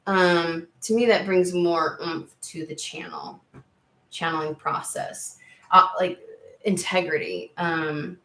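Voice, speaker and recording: A woman's voice: lowish voice, lively intonation, slow pace, sharp tone. A woman hosting a tarot livestream, talking casually, swearing freely and reacting to viewer comments. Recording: roomy echo.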